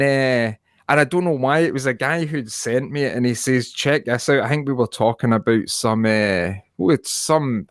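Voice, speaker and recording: A man's voice: medium pitch, dry recording, clean studio sound. A man co-hosting a podcast in casual chat, sweary and rambling, laughing often. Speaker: podcast co-host.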